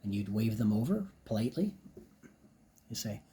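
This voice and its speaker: A man teaching casual business English in a relaxed spoken lesson, explaining each phrase and then saying it slowly as an example. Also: lowish voice, slight background noise.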